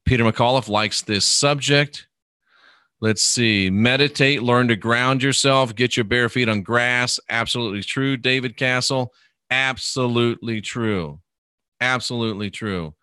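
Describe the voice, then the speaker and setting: A man hosting a live podcast, reading viewer comments and answering questions in an unhurried, conversational way, often trailing off softly at the ends of phrases. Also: medium pitch, smooth, no echo, clean studio sound. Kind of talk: casual live podcast chat.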